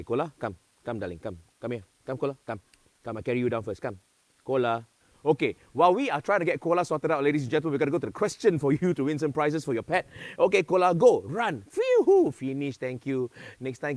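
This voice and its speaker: A man's voice: mid-range voice, a little mellow, dry recording. Playful Singaporean male host. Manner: playful, chatty, mixing in slang; talking to dogs while presenting. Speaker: event host. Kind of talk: live-streamed event hosting.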